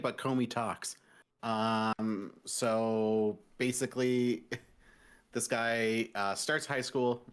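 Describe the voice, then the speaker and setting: A man co-hosting a casual podcast over a call, animatedly retelling a story and slipping into the characters' lines. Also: on the low side. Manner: animated storyteller who recaps scenes and mimics characters. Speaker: podcast co-host. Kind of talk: casual chat.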